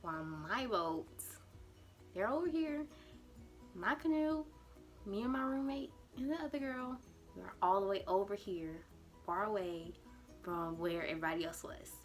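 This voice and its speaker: A young woman tells a story straight to her camera in an animated, dramatic way. She slips into her own panicked voice as she acts out the scenes. Her voice is mid-pitched, with faint music in the background. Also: unhurried, long pauses. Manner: acts out her panicked past self in quotes. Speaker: vlogger. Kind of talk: storytime vlog.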